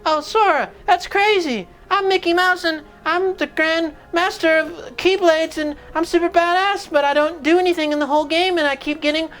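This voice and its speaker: Squeaky cartoon mouse hero, as a man's mocking impression; whiny, high, self-important. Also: steady tone, moderate pace, hardly any pauses, fairly bright tone. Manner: mocking parody, rambling self-praise.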